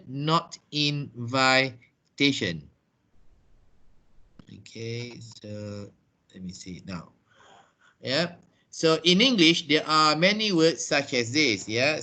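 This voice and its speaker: Male English teacher, slow and deliberate, bright tone, online class. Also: medium pitch. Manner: slow, deliberate, repeats words for pronunciation.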